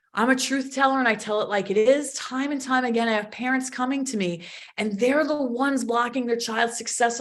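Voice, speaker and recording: Woman coach on a video call, blunt and fired up, bit high voice, curses a lot. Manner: blunt, emphatic, swears freely. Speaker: autism potty training coach. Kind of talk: live online workshop talk.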